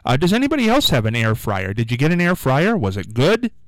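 A man's voice: mid-range voice, wildly swooping pitch, a little fast, no echo, rough recording. A man hosting a local call-in radio show, rambling and chatty with lots of fillers. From United States. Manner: rambling, chatty, self-amused, many fillers. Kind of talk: casual call-in radio chat. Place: radio studio.

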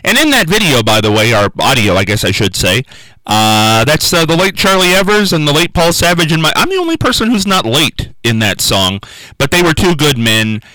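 A man's voice: on the high side, very animated, moderate pace, bright, forceful tone, no room sound, rough recording. A man hosting a radio talk show, chatting in a folksy way and repeating phrases for emphasis from the studio.

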